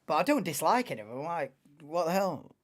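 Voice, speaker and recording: A man in his late twenties, hosting a live race watchalong in an excitable, rambling, chatty way. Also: fairly high pitch, a little fast. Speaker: livestream host.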